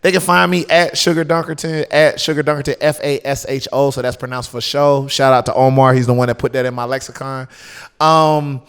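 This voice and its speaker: A man's voice: medium pitch, steady tone, fairly quick, fairly bright tone, clean tone, big-room sound. A man with a Southern US accent, a pro wrestler chatting as a guest in a laid-back, rambling way full of fillers. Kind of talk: casual chat.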